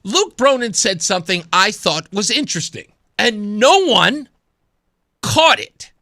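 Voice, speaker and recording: In a radio studio, a talk show host in his thirties rants through an opinionated monologue, using sarcasm and imitated voices. He speaks high and very animated, a little slowly, with a sharp edge. The studio microphone gives a clean sound with no room noise.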